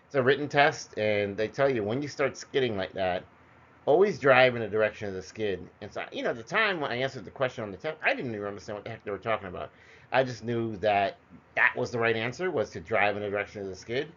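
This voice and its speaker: A man's voice: lowish voice, lively intonation, quick pace, fairly bright tone. A middle-aged man telling personal stories in a loose, conversational way, full of fillers, heard as a dull lo-fi recording. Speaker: storyteller. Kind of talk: personal storytelling monologue.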